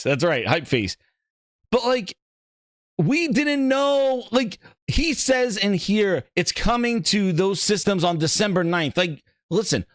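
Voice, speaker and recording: A man hosting a live gaming stream, reacting with loud laughter, swearing and repeating himself. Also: sits high, no echo, clean studio sound. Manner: excitable, laughing, profane, repetitive.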